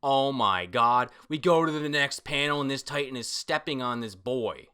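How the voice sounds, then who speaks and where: A man reading through a comic chapter aloud, reacting excitedly with frequent swearing and exclamations. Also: mid-range voice, moderate pace, clean tone. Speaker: manga reader reacting to a chapter. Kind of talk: excited read-through commentary.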